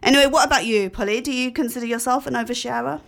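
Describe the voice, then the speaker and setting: A woman's voice: fairly high pitch, racing, vocal fry. A woman hosting a live radio talk show in a studio, chatting and giggling as she tells stories. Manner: chatty, giggly, animated storyteller. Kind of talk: casual chat.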